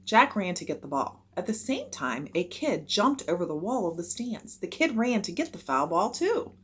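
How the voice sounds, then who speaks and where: A woman narrates a children's chapter book aloud with expressive storytelling. Her voice is slightly husky, and her pitch swings in lively arcs through each line. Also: normal speed.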